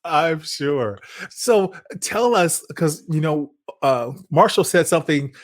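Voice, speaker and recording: An American man hosting a live interview show, with a fairly high voice that rises and falls a great deal. He sounds effusive and laughs often between questions. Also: animated, slow. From United States. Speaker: podcast host. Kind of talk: casual interview chat.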